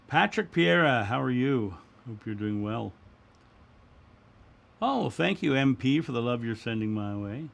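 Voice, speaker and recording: A middle-aged man hosting a spiritual livestream, talking in a gentle, reflective way as he answers viewers. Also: mid-range voice, lively intonation, takes it slowly, vocal fry, pauses often. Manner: gentle, reflective, repeats words and restarts. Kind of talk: casual spiritual talk.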